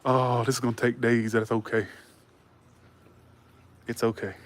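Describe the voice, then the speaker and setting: A man with a voice of ordinary pitch hosts his own livestream. He rambles in casual, slangy talk and laughs often. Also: little pitch movement, measured pace, slight background noise. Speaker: livestream host.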